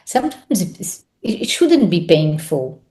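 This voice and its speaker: An actress with an Italian accent, appearing as a podcast guest, gives reflective interview answers about her craft. Her low, warm voice has a sing-song quality, and she's halting, stumbling and repeating words as she searches for English, which isn't her first language.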